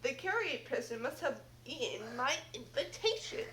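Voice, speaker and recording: A girl reading a storybook aloud voices a spiteful female fairy who snaps and shouts threats. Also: high-pitched, big pitch swings, moderate pace, a little hiss or hum. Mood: sneering. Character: sneering late-arriving female fairy, a spiteful curse-giver.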